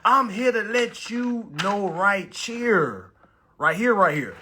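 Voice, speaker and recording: A man hosting a livestream class, hyping his viewers, repeating phrases and urging them to comment, then slowing to hushed, deliberate talk for key points. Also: sits high, animated, slight background noise. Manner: drops to slow, hushed talk when stressing points. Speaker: live-stream host teaching about bills. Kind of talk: hyped social-media livestream class.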